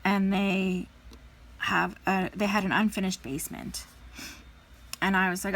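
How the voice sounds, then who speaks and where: This casual storytelling chat comes from a crafting vlogger in her thirties, full of fillers and playful voices for quotes. She speaks at a measured pace in a fairly bright, medium-pitched voice with little pitch movement.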